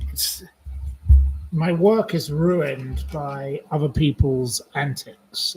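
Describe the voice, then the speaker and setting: Slow-talking man hosting a home quiz. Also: medium pitch, a little hiss or hum, poor audio. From northwest England. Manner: rambling, chatty, with many fillers. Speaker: livestream host running a quiz. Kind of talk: casual live quiz chat.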